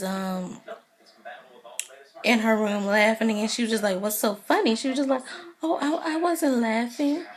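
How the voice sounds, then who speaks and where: A woman casually recapping a TV drama episode in a chatty, animated way, acting out the characters' lines. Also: mid-range voice. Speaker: TV recap vlogger.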